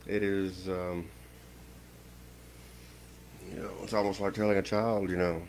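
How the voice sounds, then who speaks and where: A man with a very low, gravelly voice delivers a slow spiritual lecture. He speaks in a stern, measured way and leaves long pauses between phrases. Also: level tone, a little mellow, slight background noise, rough recording. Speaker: occult teacher.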